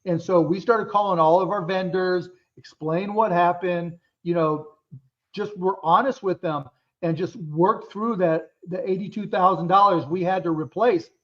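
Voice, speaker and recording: A candid man in his fifties answers interview questions with frank, profanity-laced stories. His voice sits notably high for a man. The recording is dull and lo-fi. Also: steady tone, moderate pace. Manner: blunt, candid, swears freely. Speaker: guest entrepreneur. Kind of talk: casual interview storytelling. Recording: dull lo-fi sound.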